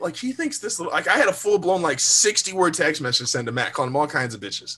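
A man co-hosting a podcast, telling a story in a casual, animated, profane way and acting out quoted lines. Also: on the high side, fast talker, husky. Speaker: podcast co-host. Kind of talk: casual chat.

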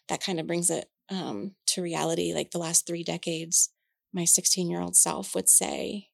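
A woman's voice: lowish voice, a little slow, gravelly, no echo, studio quality. A woman in her forties, a podcast co-host talking candidly in casual chat, swearing freely and thinking aloud. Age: 40s. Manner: candid, frank, swears freely, many fillers.

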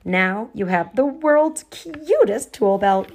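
A woman's voice: mid-range voice, expressive, slow pace, a little mellow, muffled recording, voice pushed up. A woman voicing a kind, helpful young girl who sounds pleased and proud.

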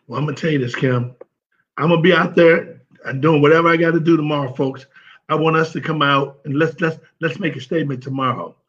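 An emotional man from St. Louis pays heartfelt tribute, stumbling over his words and repeating himself. His voice is husky. The recording is dull and lo-fi. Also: on the high side, fairly even intonation, quick pace, a bit bright. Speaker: former pro football player speaking at an event.

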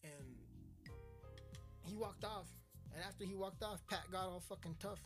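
A man's voice: sits high, steady tone, fairly quick. A man hosting a podcast, ranting casually in a crude, rambling, mocking way. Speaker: podcast host. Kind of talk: casual profane rant. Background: loud music.

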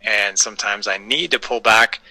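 Bright-voiced man in his forties. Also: fairly low pitch, moderate pace, low-quality recording. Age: 40s. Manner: self-deprecating, laughs often, breaks into playful voices. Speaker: podcast guest. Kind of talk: casual interview chat.

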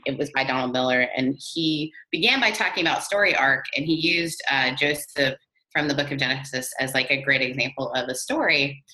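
Woman, 30s, low bright voice, blended British-Canadian-Southern accent, chatty podcast guest. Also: rough recording. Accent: mixed British, Canadian and Southern US. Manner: chatty and self-deprecating, lots of "like" and "um". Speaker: pastor. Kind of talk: podcast interview.

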